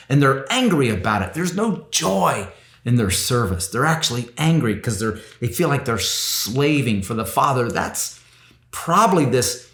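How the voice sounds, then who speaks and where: A man preaching a sermon, animated, who repeats his words and often asks "see?". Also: medium pitch, measured pace, reverberant.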